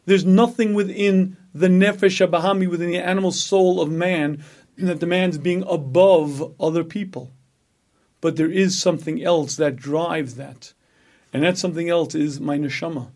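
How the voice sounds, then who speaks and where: High-voiced rabbi giving an emphatic lecture. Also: male voice, steady tone, normal speed, a little mellow. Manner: emphatic, rhetorical, repeats phrases for effect; acts out an inner voice in dialogue. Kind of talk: Torah lecture.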